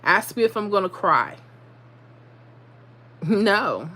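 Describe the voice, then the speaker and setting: A woman's voice: mid-range voice, big pitch swings, slow, bright, forceful tone, breathy edge. Blunt woman hosting a livestream. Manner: blunt, motivational, talks straight to viewers; repeats herself, drops into dialect. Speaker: livestream host. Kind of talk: casual livestream chat.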